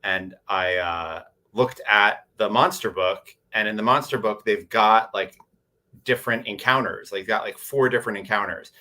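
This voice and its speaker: A man's voice: on the low side, moderate pace, bright, forceful tone. A man on a convention panel, animatedly telling a tabletop game story with many restarts. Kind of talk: casual panel chat.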